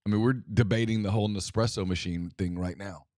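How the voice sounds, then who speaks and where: A man's voice: fairly low pitch, fairly even intonation, fast talker, darkish tone, no room sound, clean studio sound. A middle-aged man co-hosting a casual sports talk show, chatty and exasperated with laughing asides. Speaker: co-host.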